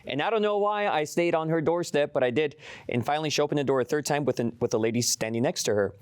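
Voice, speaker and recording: Guest storyteller: young man, mid-pitched, dry close sound, animated delivery. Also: quick pace, no room sound. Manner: animated, acts out voices in anecdotes. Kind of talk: interview storytelling.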